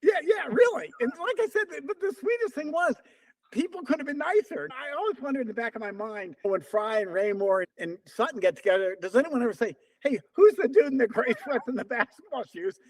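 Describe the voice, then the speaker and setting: An interview guest of about seventy, known as a veteran distance runner, speaks with an extremely high pitch and a brisk delivery. His storytelling is conversational and lively, with remembered conversations acted out in quotes.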